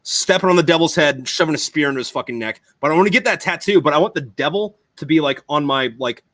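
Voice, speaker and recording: A man's voice: fairly high pitch, fast talker, fairly bright tone, no echo. A man in casual podcast chat who tells stories in a rambling, profane way.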